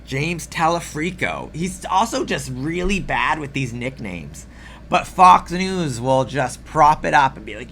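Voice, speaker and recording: A man ranting through a video commentary with biting sarcasm and plenty of swearing, his voice gravelly and fry-laden. The tone is bright and sharp, and his throat sounds a little rough. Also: a little high, animated, a little slow, a little hiss or hum. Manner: sarcastic, profane, exasperated ranting. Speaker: political commentary host.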